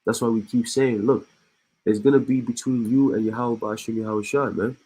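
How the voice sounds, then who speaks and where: A man's voice: medium pitch, steady tone, moderate pace, dark tone, husky, rough recording. A man reading news aloud and adding his own commentary, stopping often to laugh or repeat himself. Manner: reads news aloud and breaks off with laughs and asides; repeats and restarts words. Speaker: online commentator.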